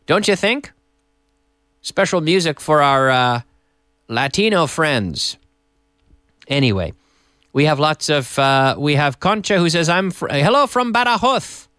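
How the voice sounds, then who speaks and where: Chatty guy teaching english on a live stream, kinda high voice, super bouncy pitch. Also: fairly bright tone, no echo, clean studio sound. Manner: chatty, reads out viewer messages. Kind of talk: live-stream lesson chat. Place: TV studio.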